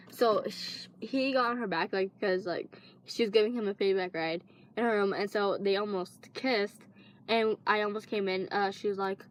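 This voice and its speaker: A teenage girl casually telling a long personal story, rambling with lots of fillers and restarts. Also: mid-range voice. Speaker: vlogger.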